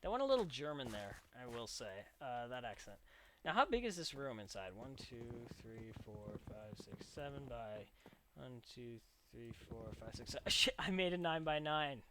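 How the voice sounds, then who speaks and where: A man's voice: medium pitch, sing-song, moderate pace, fairly bright tone. A young man rambling through casual gameplay commentary as a let's play host, with chatty, self-mocking asides. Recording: noisy home recording with clicks.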